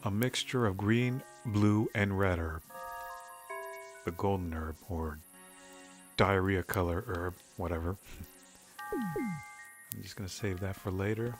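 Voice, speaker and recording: Man, low voice, easygoing let's-play commentary with game music behind. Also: takes it slowly, pauses often. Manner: relaxed, rambling, many "um" fillers. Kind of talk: casual gameplay commentary.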